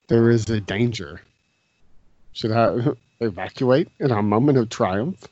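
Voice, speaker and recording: A man's voice: medium pitch, lively intonation, slow pace, pauses often, dark tone, dry recording, highs cut off. A man co-hosting a podcast, chatting casually through a movie commentary over a remote call, joking and laughing often. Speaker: podcast co-host. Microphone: remote call, audio cuts out.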